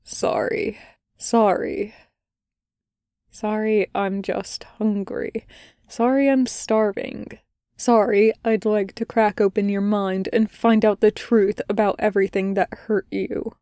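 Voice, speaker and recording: A woman voicing a desperate, starving young man on a phone call, speaking in a hushed, halting rasp. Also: mid-range voice, steady tone, no room sound, studio quality. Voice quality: ragged, rasping.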